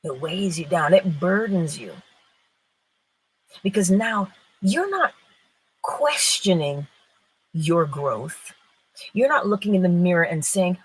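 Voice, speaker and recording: Expressive woman with a breathy voice. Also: fairly low pitch, slow pace, pauses often, poor audio. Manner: expressive, shifts between loud and hushed. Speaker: spiritual teacher. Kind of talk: inspirational talk.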